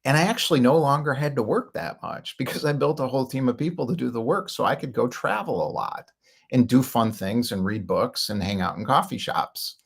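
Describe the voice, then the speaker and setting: A man's voice: medium pitch, animated, brisk, creaky, breathy edge. A middle-aged man telling a personal story in a chatty, casual way, laughing often and acting out quoted lines. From Chicago area, United States. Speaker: podcast host.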